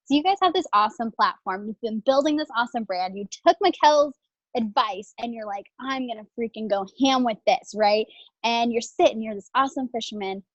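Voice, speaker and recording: A woman with a fairly high voice shares tips as a guest speaker, upbeat and playful and fond of analogies. Her audio comes through dull and lo-fi, with a dry, close sound. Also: animated, a little fast, no echo. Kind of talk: casual tips on a group call.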